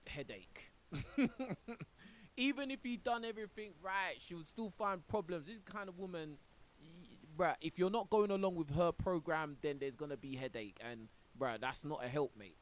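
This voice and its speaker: A man with a high, lively voice reacts to a clip on stream. He mocks and scolds, throwing in "bro" again and again, and often laughs between lines. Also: a little slow. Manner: mocking, exasperated, says "bro" a lot, laughs often. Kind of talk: reaction commentary.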